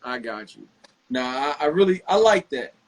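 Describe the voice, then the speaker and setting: A man's voice: medium pitch, lively intonation, moderate pace, low-quality recording. A man speaking as a guest in a casual chat, plainspoken and conversational.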